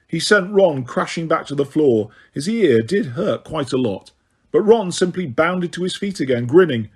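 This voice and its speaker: Male audiobook reader, husky voice, lively pitch, a little high. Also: normal speed. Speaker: audiobook narrator. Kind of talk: audiobook narration.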